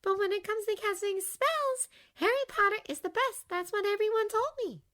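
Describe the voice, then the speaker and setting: A woman voicing an upset twelve-year-old schoolgirl witch who speaks in a high, trembling voice. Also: lively intonation, normal speed, fairly bright tone. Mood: earnest. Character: tearful young schoolgirl witch, girl about twelve. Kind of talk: audiobook character voice.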